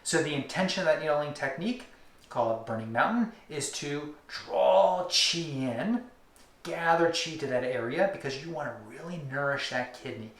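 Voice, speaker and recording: In an instructional demonstration, a man teaches acupuncture technique with a rhythmic delivery, drawing out repeated words and dropping to near-whispers on them. His voice is a little high, expressive and fairly bright, and the recording sounds roomy.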